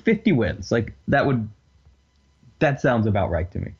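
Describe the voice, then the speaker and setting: A man co-hosting a casual sports podcast with a husky voice and dry, deadpan jokes. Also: mid-range voice, normal speed. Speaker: podcast co-host. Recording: dull lo-fi recording.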